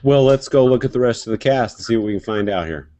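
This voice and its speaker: A man's voice: medium pitch, fast talker, no echo. A man hosting a casual online talk show over a video call, rambling and joking as he chats. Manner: rambling, jokey, lively. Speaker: web show host. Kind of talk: casual chat.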